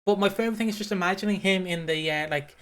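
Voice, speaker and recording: A British man co-hosts a podcast in loose, rambling casual chat packed with fillers, often saying "obviously" and "lad." He talks fast in a high, somewhat bright voice.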